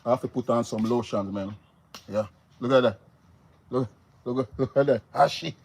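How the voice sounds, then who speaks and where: A man's voice: mid-range voice, steady tone, moderate pace, a little mellow, slight background noise. A man talking casually and animatedly on a live stream, repeating himself and greeting viewers in the chat.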